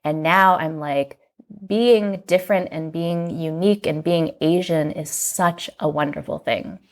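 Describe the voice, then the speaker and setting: A woman from the United States, a magazine editor and podcast guest, recounting personal memories in an earnest, reflective way, often filling pauses with "like". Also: sits low, fairly even intonation. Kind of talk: candid personal storytelling in an interview.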